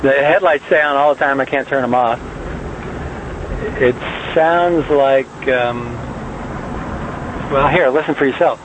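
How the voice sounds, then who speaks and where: A man's voice: mid-range voice, a little slow, pauses often, muffled recording, noisy background. A man in his fifties, a locksmith, telling dry jokes in a rambling monologue full of fillers into a small handheld recorder. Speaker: locksmith podcaster. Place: driving a van, then hiking outdoors. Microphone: small handheld digital voice recorder.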